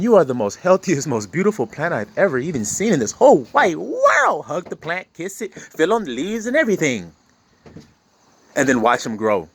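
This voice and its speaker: Male spiritual teacher, informal preacher, slightly raised pitch, very expressive, salty language. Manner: animated, swears casually, laughs often.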